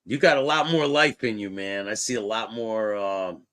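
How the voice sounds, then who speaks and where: A man's voice: fairly low pitch, normal speed, sharp tone. A man hosting a casual interview, asking blunt and curious questions. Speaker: host.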